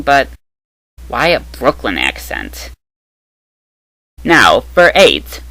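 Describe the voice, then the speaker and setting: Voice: mid-range voice, gravelly, pushed and bright, dry recording, rough recording. A young adult anime dub reviewer reading scripted opinion commentary, opinionated and dropping sarcastic asides.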